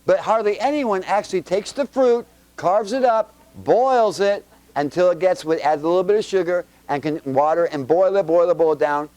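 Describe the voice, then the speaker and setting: A man's voice: sits high, darkish tone, no room sound. Man quizzing a congregation. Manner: quizzes the audience with quick questions; chatty and joking, with homespun examples. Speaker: Bible teacher. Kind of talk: informal Bible teaching to a congregation with children.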